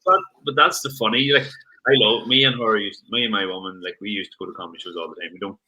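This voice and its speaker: A man's voice: fairly low pitch, bright, forceful tone, rough recording. A man with a Northern Irish accent, a podcast guest rambling through stories in casual chat. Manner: rambling, quick, restarts sentences.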